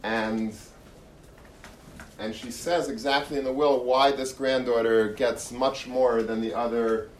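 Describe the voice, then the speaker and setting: A man's voice: mid-range voice, fairly even intonation, measured pace. A man giving an earnest storytelling Torah talk, often repeating and restarting phrases. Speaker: Torah lecturer. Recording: echoey room, mic far off, faint noise.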